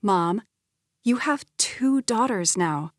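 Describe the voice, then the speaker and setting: A woman's voice: medium pitch, moderate pace, no room sound, clean studio sound, lightly acted. A woman reading an audiobook, voicing an earnest, apologetic young woman. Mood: pleading. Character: spirited, apologetic young twin sister.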